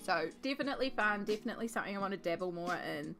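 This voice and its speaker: A woman's voice: mid-range voice, lively intonation, racing, fairly bright tone, soft background music. A woman chatting casually on a live art stream as she paints, upbeat and talkative as she answers her chat.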